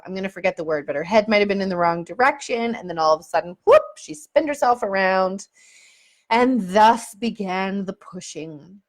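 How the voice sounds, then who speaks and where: A young adult woman from Canada, candidly telling a personal story in a casual vlog, laughing often and acting out remembered moments. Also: medium pitch. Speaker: vlogger.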